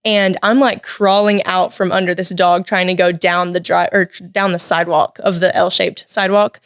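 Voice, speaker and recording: Teen woman guest, lively casual storyteller, filler-heavy, dry studio sound. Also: on the low side, moderate pace, clean tone, no echo. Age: late teens. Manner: lively, chatty, many "like" and "um" fillers. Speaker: podcast guest. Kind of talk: personal storytelling. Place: podcast studio.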